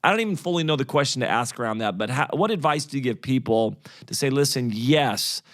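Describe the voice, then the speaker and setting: A man's voice: medium pitch, big pitch swings, quick pace, a bit bright. A man hosting a podcast, asking questions in a thoughtful, searching way and often restarting his sentences. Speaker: podcast host. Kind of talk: casual podcast conversation.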